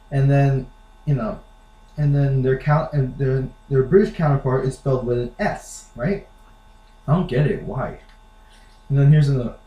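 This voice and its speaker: American man, casual vlog chat, rambling with fillers, mellow voice, echoey room. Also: medium pitch. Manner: rambling, with lots of "like" and "you know". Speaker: vlogger.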